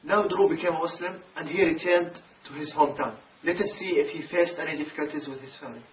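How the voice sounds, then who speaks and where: Guy narrating a documentary, slightly high voice, even and measured, roomy echo, dull hissy sound. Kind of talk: scripted narration. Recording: distant echoey dull recording with hiss.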